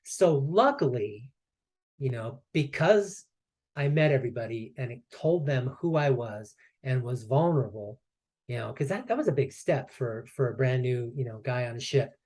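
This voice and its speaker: A man telling a story as a guest on a podcast, at an ordinary pitch for a man. He talks casually and lively, switches into the voices of the people he quotes, and chuckles between lines. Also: normal speed, husky. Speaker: podcast guest, Navy veteran.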